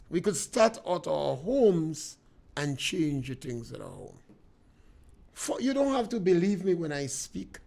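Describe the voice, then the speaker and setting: A middle-aged Grenadian man hosting a radio talk show, delivering an emphatic, preachy monologue with swings of loudness. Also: on the high side.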